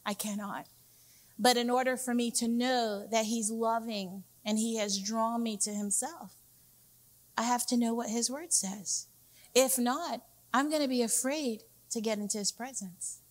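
A woman's voice: on the high side, steady tone, a little slow. A woman executive pastor preaching a sermon, emphatic and repeating key phrases, calling the congregation "y'all". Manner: addresses listeners as "y'all".

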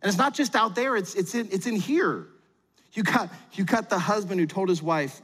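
A middle-aged man preaching a sermon as pastor, animated and acting out quotes in little voices. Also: sits high, fairly quick, breathy edge, big-room sound.

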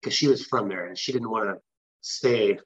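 Husky-voiced man telling a rambling story. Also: on the low side, measured pace, highs cut off. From US West Coast. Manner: rambling, with restarts and filler phrases. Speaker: interview guest. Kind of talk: casual storytelling.

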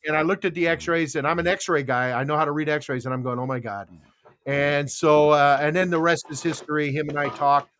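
A man's voice: fairly high pitch, fairly even intonation, brisk, hardly any pauses, fairly bright tone. An older man hosting a morning show, telling a long personal story and acting out what other people said. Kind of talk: casual chat. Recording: internet radio show.

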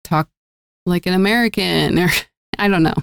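A woman with a lowish voice, smooth and clear but with a gravelly fry. She chats in a relaxed, agreeable way about television. The sound is dry and close. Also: moderate pace, dry recording. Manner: relaxed, agreeable, laughs easily. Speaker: podcast co-host. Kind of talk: casual chat reviewing TV.

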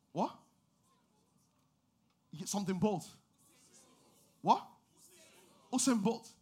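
A man preaching a sermon, reading scripture and building up to shouted, sing-song exhortations. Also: high voice, breathy edge. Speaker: pastor.

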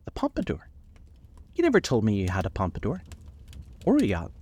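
A man voicing an excited young woman with a high, breathy, gushing delivery in a book reading. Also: fairly quick.

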